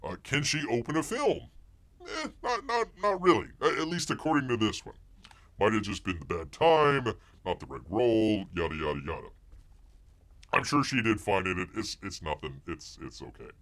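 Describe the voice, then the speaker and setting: Middle-aged male streamer, animated sing-song delivery, mock-outraged rambling, refers to himself in third person. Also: fairly low pitch, moderate pace. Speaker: host of a live-streamed commentary show. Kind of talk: rambling live-stream commentary reading chat.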